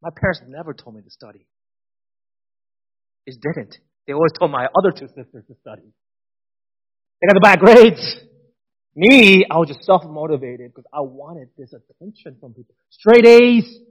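Animated high-voiced male preacher. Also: moderate pace, long pauses, husky, rough recording. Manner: animated, swings from loud emphatic bursts to quiet intimate asides. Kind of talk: sermon testimony.

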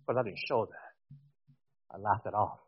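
A man in his forties giving a personal testimony in a sermon, swinging from loud emphatic bursts to quiet intimate asides. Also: lowish voice, normal speed, breathy edge, lo-fi sound.

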